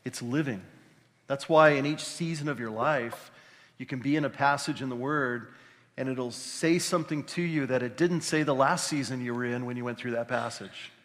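A pastor preaching a conversational, animated sermon with exclamations. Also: male voice, mid-range voice, normal speed. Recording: reverberant hall.

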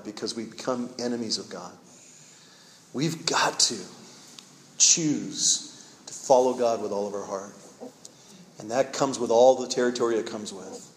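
A man at mid pitch preaches to his church, tossing out rhetorical questions and voicing the people in his stories. His words bounce around a roomy sanctuary, and long reverb trails after each phrase. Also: a little hiss or hum. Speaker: pastor. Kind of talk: sermon and closing prayer. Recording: echoey hall with long reverb, faint ambience.

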